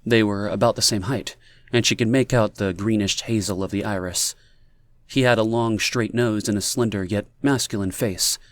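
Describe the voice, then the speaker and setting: Low-voiced male audiobook narrator. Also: fairly even intonation, moderate pace, no room sound, clean studio sound. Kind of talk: scripted narration.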